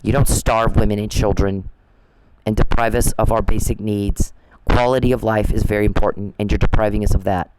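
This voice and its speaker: A man's voice: fairly low pitch, little pitch movement, a little fast, noisy background. A man giving casual ranting commentary, profane and repetitive, often restarting his sentences. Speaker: commentator on a dispute.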